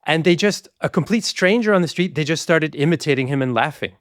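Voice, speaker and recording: A man's voice: fairly high pitch, expressive, a little fast, no echo. Chatty man telling an anecdote, dry sound. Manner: chatty, storytelling with asides. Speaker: podcast co-host. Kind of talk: casual anecdote.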